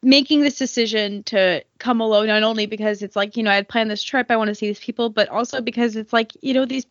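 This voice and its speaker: A woman's voice: fairly high pitch, steady tone, quick pace, no room sound, dull audio. A woman co-hosting a podcast in casual chat, emotional and rambling, with lots of fillers and swearing. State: tearful. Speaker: podcast co-host.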